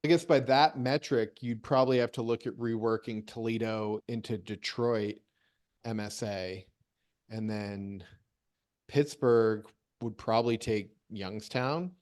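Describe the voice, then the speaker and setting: A man's voice: lowish voice, fairly even intonation, measured pace, darkish tone. A man hosting a podcast in casual chat, easygoing and agreeable, mostly giving short replies.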